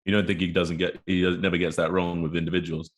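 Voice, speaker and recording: A man's voice: low voice, little pitch movement, fast. A man co-hosting a casual podcast, chiming in with chatty interjections and questions. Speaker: podcast co-host.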